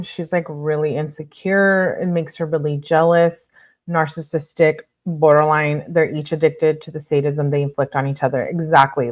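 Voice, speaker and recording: A low-pitched woman reads out a couple's text messages line by line. She breaks in with blunt, judgmental comments and swears casually as she goes. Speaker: true-crime commentator.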